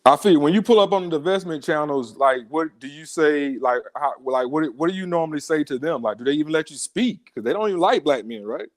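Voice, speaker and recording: A high-voiced man hosts a casual podcast. He talks in loud, profane bursts of mock outrage and laughs between lines. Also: expressive, brisk, few pauses, no echo. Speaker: podcast host. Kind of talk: casual live-stream podcast chat.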